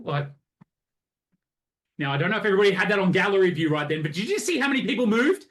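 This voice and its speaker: A man coaching a group over a video call, energetic and acting out both sides of conversations. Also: a little high, brisk. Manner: energetic, animated, acts out both sides of chats. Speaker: sales coach.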